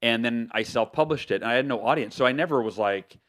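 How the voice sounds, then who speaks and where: Guy from the states chatting as a podcast guest, rambling and lively, lots of likes and ums, mid-pitched voice. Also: fast. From United States. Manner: animated, loose talk with many fillers and self-corrections. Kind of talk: casual storytelling interview.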